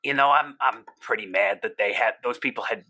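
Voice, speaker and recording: A man's voice: mid-range voice, a little fast, bright, forceful tone. A man playing a tabletop game with a wry, dry sense of humor. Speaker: player. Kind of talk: casual tabletop play.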